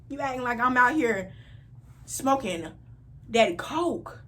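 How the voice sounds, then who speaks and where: A woman in her twenties telling a personal story in a casual vlog, animated and repeating phrases for emphasis. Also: a little high, takes it slowly, slight background noise. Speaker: vlogger.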